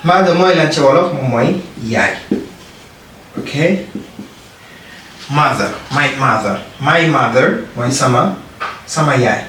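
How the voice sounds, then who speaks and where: A man teaching beginner English, who repeats each word slowly and keeps asking "ok?". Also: mid-range voice, lively intonation, fairly bright tone, a little hiss or hum. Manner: repeats words slowly, asks "ok?" often. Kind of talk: beginner language lesson. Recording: roomy, mic at a distance.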